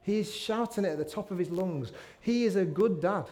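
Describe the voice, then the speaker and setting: A middle-aged man preaching a sermon in a church, conversational and warm-humoured with self-deprecating asides. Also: high voice, a little fast. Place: church meeting room.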